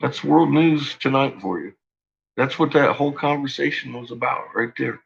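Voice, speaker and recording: Casting: male live streamer, husky bright voice, cursing rant, lo-fi stream sound. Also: medium pitch, normal speed. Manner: profane, agitated ranting.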